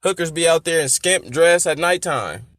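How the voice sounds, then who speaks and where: A man breaks down rap verses in casual talk, jumping into loud laughs and schoolteacher explanations. His voice is bright and pressed, slightly above usual male pitch. The sound is dry and close. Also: moderate pace, no echo. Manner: excitable, laughs loudly, explains lyrics like a teacher; repeats lines to stress syllables. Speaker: rap reaction host.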